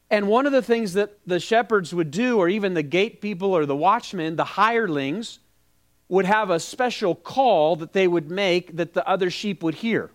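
Male pastor, high voice, lively sermon storyteller, middle-aged. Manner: animated storytelling with quoted dialogue.

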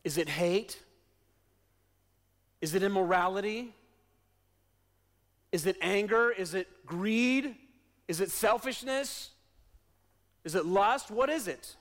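A male pastor preaching a sermon in a church, using repeated questions and refrains and swinging between soft and loud delivery. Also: sits high, animated, slow, pauses often. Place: church sanctuary.

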